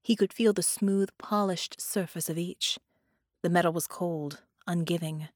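Low-voiced woman narrating a story. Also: fairly even intonation, unhurried, darkish tone, no echo, studio quality. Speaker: audiobook narrator. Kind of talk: scripted narration.

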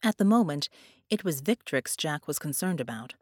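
A woman reading a science-fiction story aloud as narrator, in a steady storytelling manner. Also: deep voice, normal speed, no room sound, clean studio sound. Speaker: audiobook narrator. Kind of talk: scripted narration.

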